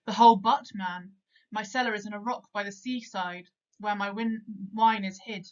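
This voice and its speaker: A woman reads a boastful, tipsy male butler. She delivers it plainly at a middling pitch. The sound is muffled and lo-fi. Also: steady tone, normal speed, a little mellow, close to an everyday voice. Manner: plain reading aloud of verse.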